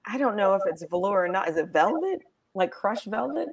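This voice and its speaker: A woman's voice: mid-range voice, big pitch swings, a little fast, creaky, husky. A woman guest co-host in a casual chat on a video call, asking curious short questions.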